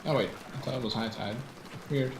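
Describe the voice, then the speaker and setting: A man's voice: medium pitch, fairly quick, echoey room, noisy background. A man chatting in a laid-back, rambling way while playing a video game with a friend. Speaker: game streamer. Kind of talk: casual gaming chat. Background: game music.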